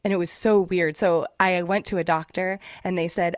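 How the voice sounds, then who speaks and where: Woman, podcast guest, rambling storyteller, low voice, dry sound. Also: fairly even intonation, brisk, few pauses, no room sound. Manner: rambling with frequent fillers. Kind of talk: casual storytelling.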